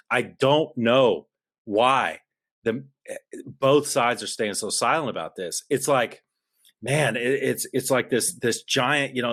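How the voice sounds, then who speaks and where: A man's voice: medium pitch, fairly bright tone. A man co-hosting a podcast, ranting in a heated, worked-up way into a studio mic. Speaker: podcast co-host. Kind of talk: political podcast rant.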